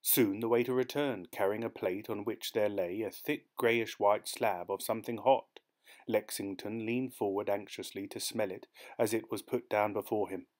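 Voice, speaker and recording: A man reading a short story aloud as an audiobook narrator, steady and measured. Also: on the low side.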